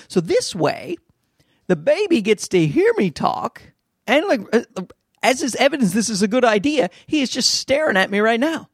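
Man, rambling jokey podcast host, fairly high voice, dry close mic. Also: dry recording. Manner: rambling, jokey, animated asides. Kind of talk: casual solo podcast chat. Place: at home with a baby. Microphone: handheld mic held close.

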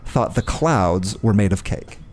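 A man's voice: on the low side, animated, measured pace, a little mellow. Playful man hosting a kids' podcast. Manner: playful, talks straight to young listeners. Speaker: podcast host.

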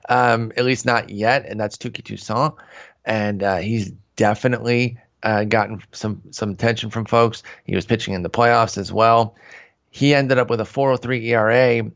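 A man's voice: lowish voice, dull audio. A man hosting a casual baseball podcast, talking through stats in a conversational way with frequent fillers. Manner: analytical, conversational, many fillers. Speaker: podcast host.

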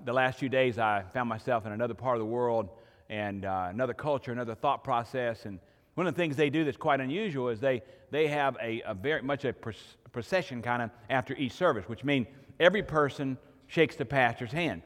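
A man's voice: medium pitch, fairly quick, in a large hall. A pastor giving a sermon to his congregation in a church, preaching earnestly and building to emphatic points. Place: church sanctuary.

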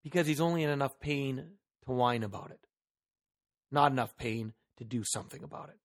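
A man voicing a wise old grandfather in a story he tells, answering plainly and calmly. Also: mid-range voice, a little fast, no echo, lightly acted. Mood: matter-of-fact.

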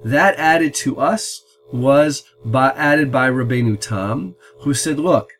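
A man's voice: medium pitch, a bit bright, soft background music. Man explaining an old text step by step. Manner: thoughtful, explains step by step with "um" and "uh" pauses. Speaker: Talmud teacher and podcast host. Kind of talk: explanatory lecture on text wording.

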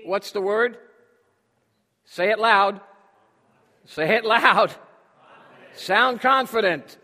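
A man's voice: high voice, lively intonation, unhurried, long pauses, sharp tone. A man preaching a sermon with emphasis, drawing responses from his congregation. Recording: long hall reverb.

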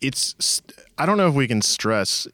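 A man in his forties, a podcast guest, talking in a relaxed, rambling way full of "like". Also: medium pitch, moderate pace, no room sound. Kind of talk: casual chat.

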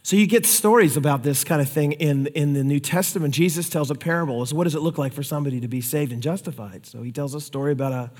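Animated male preacher in a reverberant hall. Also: a little high, quick pace, few pauses. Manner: animated storytelling, acts out quotes. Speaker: pastor. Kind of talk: sermon.

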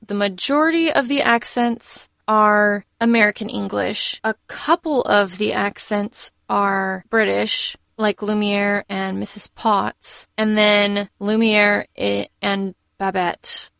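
A young woman chats casually as a podcast co-host, with a gravelly, creaky edge to her voice. She restarts her sentences often and keeps things lively. The sound is dry and close. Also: mid-range voice, takes it slowly, few pauses, dry recording. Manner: chatty, with restarts and fillers. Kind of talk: casual film discussion chat.

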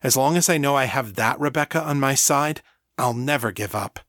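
A brave young man comforts someone in a soft, tender voice, read by a male narrator. The pitch is mid-range and the sound is dry and close. It is audiobook drama. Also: moderate pace, no room sound, lightly acted.

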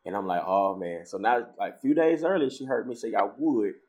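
A man's voice: medium pitch, brisk. A man telling a personal faith story in casual talk, acting out the voices of the people he quotes. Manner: storytelling, animated when quoting others.

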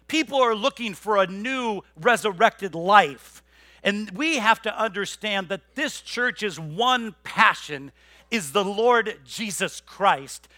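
A male pastor delivering a passionate sermon to his congregation, swinging from loud rallying appeals to low, quiet emphasis. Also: no echo, studio quality. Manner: passionate preaching, swelling loud then dropping low; repeats words, conversational asides to the congregation. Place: church.

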